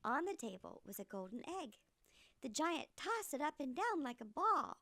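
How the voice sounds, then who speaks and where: A woman reads a fairy tale aloud in a theatrical storyteller style. Her fairly high voice swoops widely and carries a gravelly edge, and the recording is close and dry. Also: normal speed, dry recording. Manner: animated, theatrical reading.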